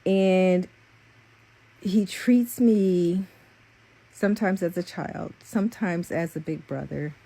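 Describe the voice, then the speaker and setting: A woman's voice: lowish voice, mellow, breathy edge. A young adult woman, a psychic reader and spiritual coach, gives an earnest, rambling, openly emotional spiritual message in casual confessional talk. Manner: earnest, rambling and repetitive, with many fillers.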